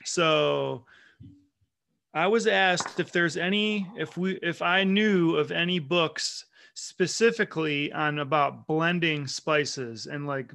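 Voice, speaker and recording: A man's voice: fairly high pitch, vocal fry, bright, forceful tone. A man co-hosting a podcast, laid-back and chatting casually. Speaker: podcast co-host.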